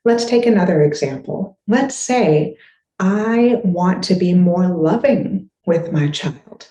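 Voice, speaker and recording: A woman's voice: mid-range voice, expressive, slow, warm tone, reverberant, poor audio. A woman parenting coach giving encouraging advice straight to the listener. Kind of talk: direct-to-camera advice talk.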